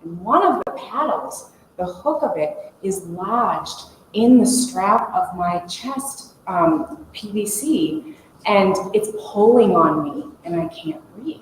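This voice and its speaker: A woman in her forties telling a lively story to a conference audience, laughing as she goes. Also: medium pitch, slow. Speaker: conference speaker. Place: conference room. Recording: echoey conference room, faint hum.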